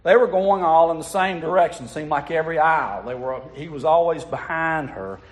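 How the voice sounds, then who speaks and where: A man's voice: on the high side, a little fast. A man preaching a sermon, telling stories in a folksy way and putting asides to the congregation. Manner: folksy storytelling with audience asides.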